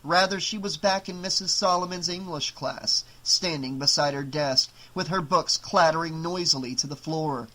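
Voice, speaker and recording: A man narrating an audiobook in a steady, dramatic reading style. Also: fairly high pitch, moderate pace, hardly any pauses, rough recording. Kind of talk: scripted narration.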